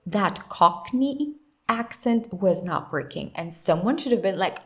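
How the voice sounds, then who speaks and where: A woman's voice: on the low side, animated, a little slow. A young woman giving casual, opinionated commentary as she ranks characters, blunt and sarcastic, talking to herself while she sorts. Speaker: YouTuber ranking TV characters.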